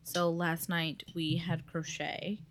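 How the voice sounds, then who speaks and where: A woman's voice: deep voice, level tone, slow pace, slight background noise. A woman co-hosting a podcast in casual chat, talkative and giggly, filling her sentences with "like". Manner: chatty, giggly, lots of "like". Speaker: podcast co-host.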